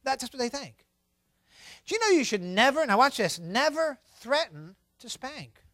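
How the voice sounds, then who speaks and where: A middle-aged man giving a humorous sermon on parenting, animated and acting out scolding parents for laughs. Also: extremely high pitch, unhurried, no echo.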